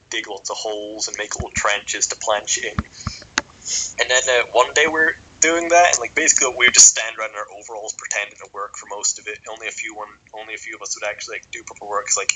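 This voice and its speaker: A young man tells a long, rambling story on a casual podcast, with "like" and swearing in nearly every sentence. His voice is very bright and edgy, with a faint hiss in the background. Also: lowish voice, steady tone, quick pace, poor audio. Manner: sweary, rambling, filler-heavy. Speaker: podcast co-host.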